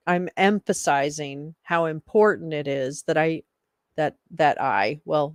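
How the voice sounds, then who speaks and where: A woman hosting a live stream talks slowly and unhurriedly. She rambles, swears freely and laughs often. Her voice sounds dry and close, with no room echo. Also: deep voice. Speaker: livestream host. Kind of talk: casual live commentary.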